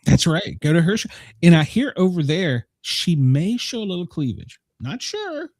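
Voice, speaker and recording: A man's voice: on the high side, moderate pace, gravelly, no room sound, clean studio sound. A middle-aged man hosting a podcast, telling stories in casual chat, laughing often. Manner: chatty storyteller, laughs often, animated. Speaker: podcast host.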